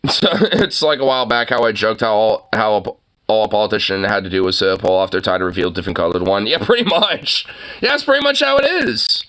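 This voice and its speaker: Forceful, fast-rambling ranting man. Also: fairly low pitch, big pitch swings. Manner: rambling, heavy filler words, frequent mocking laughter. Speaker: online commentator. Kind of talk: profane political rant.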